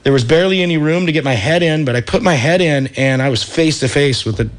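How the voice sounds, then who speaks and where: Radio talk show guest, thirties, Californian man, relaxed surfer storyteller, higher-pitched voice. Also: fast talker. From Santa Cruz, California. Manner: laid-back surfer talk, lots of dude and like. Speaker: radio show guest, wetsuit company founder.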